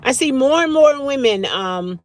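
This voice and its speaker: Her voice is high, animated, and unhurried. This woman, a rideshare driver with a vlog, talks away from her car between bites and hums with pleasure over her meal.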